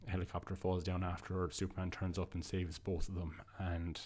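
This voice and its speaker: Speaking in a low, slightly rough voice with a darkish tone, this comics podcast host talks a little fast and keeps his tone level. His review is casual and eager, rambling, full of restarts and filler words.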